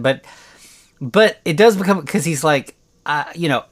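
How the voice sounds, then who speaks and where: A man's voice: a little high, expressive, normal speed, a bit bright. Casual rambling male podcast host. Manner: rambling and conversational, heavy use of "like" and restarts. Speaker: podcast host recapping a horror film. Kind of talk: casual solo movie recap.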